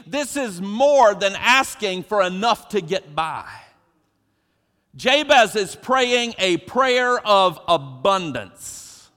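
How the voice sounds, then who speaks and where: A man's voice: high-pitched, bright, forceful tone. A man preaching a sermon as pastor, emphatic and preacherly, putting questions to his congregation. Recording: long hall reverb.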